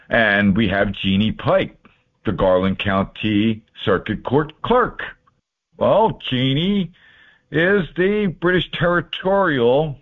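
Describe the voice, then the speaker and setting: A man's voice: on the low side, breathy edge. A man walking through court documents in a folksy, informal way, marking items off one by one with sarcastic asides. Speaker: presenter explaining court papers. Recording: tinny phone-like audio.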